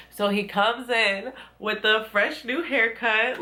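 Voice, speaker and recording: A young woman recapping a TV show in casual chat, giggling often and acting out the characters' lines in quick voices. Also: medium pitch, pushed and bright. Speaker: TV recap vlogger.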